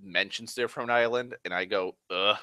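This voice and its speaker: A man's voice: fairly low pitch, a little fast, sharp tone, dry recording. A man from Massachusetts rambling casually on a stream, profane and self-mocking, a little tipsy on whiskey. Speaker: livestream host.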